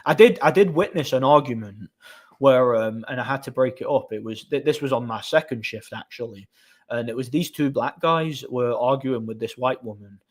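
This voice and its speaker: A man's voice: mid-range voice, normal speed. A man hosting a casual live stream, telling long stories with many restarts and small laughs. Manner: rambling storytelling with frequent restarts.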